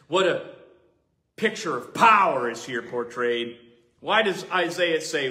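Bright-voiced man preaching a sermon. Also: mid-range voice, big pitch swings, unhurried. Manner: earnest, emphatic preaching with repetition. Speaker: pastor. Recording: roomy echoing hall.

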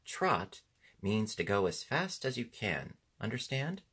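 A man reading an audiobook, voicing a brisk, bossy young boy who gives orders and shouts commands. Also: lowish voice, big pitch swings, breathy edge, exaggerated voice.

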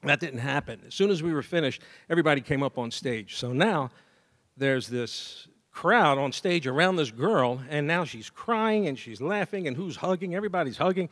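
A man giving a graduation speech as a saxophonist, telling a story lively and scatting melodies. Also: fairly high pitch, moderate pace. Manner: lively storyteller who scats melodies and acts out dialogue. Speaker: commencement speaker and saxophonist. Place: university degree ceremony.

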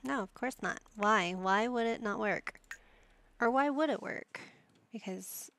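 A woman's voice: fairly high pitch, unhurried, a bit bright, no room sound. A woman giving casual gameplay commentary, chatty and sassy as she bosses her game characters around.

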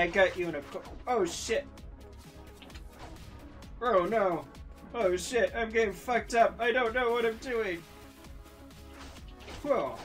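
A woman hosting a let's play, giving excitable, profane commentary full of yelps and battle cries. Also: lowish voice. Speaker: gaming channel host.

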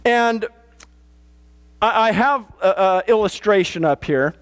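A man's voice: sits high, slow pace, fairly bright tone. A pastor delivering a conversational sermon in a plain-spoken, matter-of-fact way, often restarting his sentences. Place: church.

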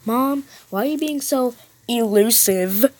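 A frightened teenage girl home alone, panicky and full of questions, as a woman reads her part. The voice sits fairly high and sounds close and dry, with no room around it. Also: measured pace, a little mellow, dry recording. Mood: scared. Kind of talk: reading a text-message horror story aloud.

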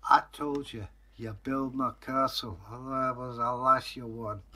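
A man's voice: medium pitch, steady tone, unhurried, pushed and bright. A man voicing a stern, bossy laird with a put-on Scottish accent, giving commands and threats. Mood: commanding.

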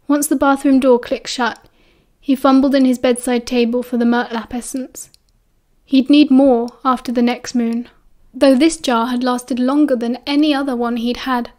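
High-voiced British woman reading aloud. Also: flat delivery, measured pace, darkish tone. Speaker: audiobook narrator. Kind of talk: audiobook narration.

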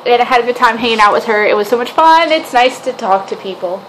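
A woman's voice: a little high, lively intonation, fast, fairly bright tone, a little hiss or hum. A woman and mother chatting casually to her camera in a rambling, self-mocking daily vlog, talking to a camera set down a short distance away. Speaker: vlogger and mother.

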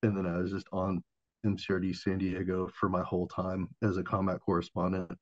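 A man's voice: low voice, completely flat delivery, fairly quick, no echo. A man in his thirties, a podcast guest and former Marine, telling a story in a laid-back, profane, casual way. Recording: dull lo-fi audio.

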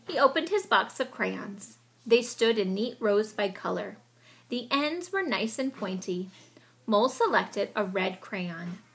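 A woman reading a children's picture book aloud with expressive storytelling, and she sometimes stops to explain the story. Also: medium pitch, gravelly.

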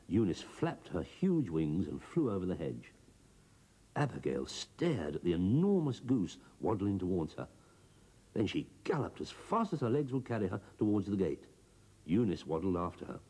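A man giving a scripted children's storybook narration, expressive and bouncing between character voices. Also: low voice, normal speed, slightly rough.

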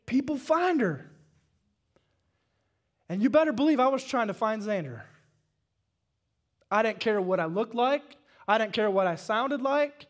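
A man with a Southern US accent preaching a sermon at a church service, telling folksy stories and building up to shouted calls to his congregation. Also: very high voice, lively intonation, a little slow, long pauses. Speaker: pastor.

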